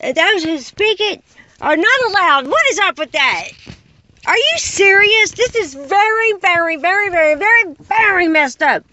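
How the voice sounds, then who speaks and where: A woman's voice: extremely high pitch, expressive, normal speed, pushed and bright, dry recording, lo-fi sound. A woman delivering an impassioned, exasperated monologue full of rhetorical questions. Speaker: caller addressing unseen listeners.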